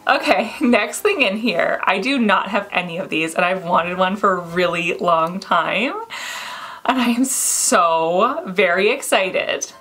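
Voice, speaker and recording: A woman chatting to viewers while unboxing, gushing and excitable and squealing with delight. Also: medium pitch, a little slow, soft background music. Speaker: unboxing vlogger. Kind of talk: casual unboxing chat to viewers.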